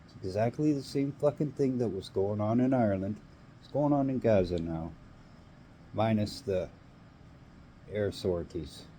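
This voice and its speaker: Man from Canada, angry rant, emphatic, lowish pitch, faint vehicle noise behind. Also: expressive, unhurried, pauses often, mellow. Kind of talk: ranting monologue.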